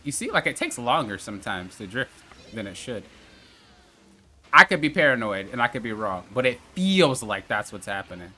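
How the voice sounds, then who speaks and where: A young man narrates his own gameplay as a tutorial, coaching the viewer step by step and circling back to repeat himself. His voice is bright and forceful, with a middling pitch and an easy, chatty manner. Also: big pitch swings, moderate pace. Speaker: gaming channel host.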